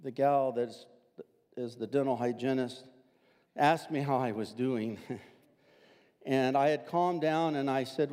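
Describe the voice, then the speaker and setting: A man's voice: mid-range voice, a little slow, big-room sound. Older male pastor telling a sermon story. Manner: animated storyteller, acting out quoted voices.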